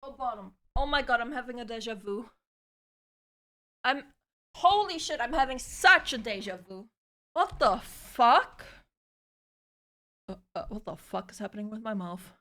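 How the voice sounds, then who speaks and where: A woman's voice: a little high, animated, normal speed, sharp tone. A woman live streamer chatting casually, flustered and swearing as she troubleshoots her setup.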